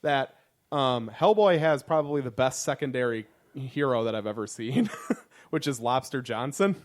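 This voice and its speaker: A man's voice: medium pitch, expressive, moderate pace. A young man co-hosting a casual podcast, rambling with profane, laughing enthusiasm. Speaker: podcast co-host. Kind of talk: casual comedic chat.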